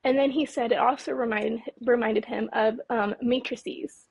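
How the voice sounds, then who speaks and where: A woman in her late twenties from California, a guest recounting a frightening experience in a halting, shaky voice, stumbling over words and apologizing. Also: on the high side, steady tone, vocal fry, husky, no echo, low-quality recording. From California, Mojave Desert. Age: late 20s. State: nervous, voice trembling. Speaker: guest, UFO researcher.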